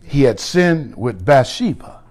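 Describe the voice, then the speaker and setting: A middle-aged man preaching a sermon, animated, with shouted exclamations and slow, drawn-out scripture reading. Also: mid-range voice. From United States. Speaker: bishop and pastor.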